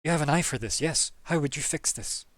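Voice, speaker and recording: A man voicing an excitable, flippant gnome tinkerer in a tabletop game, eager and theatrical. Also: a little high, fairly quick, dry recording, close to an everyday voice. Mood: curious.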